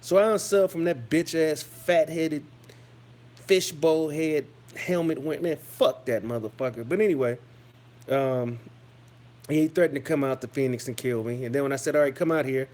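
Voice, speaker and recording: Profane ranting man, fairly high voice. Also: moderate pace, darkish tone. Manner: profane, insulting, filler-heavy. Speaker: YouTube commentator. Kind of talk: casual rant to camera.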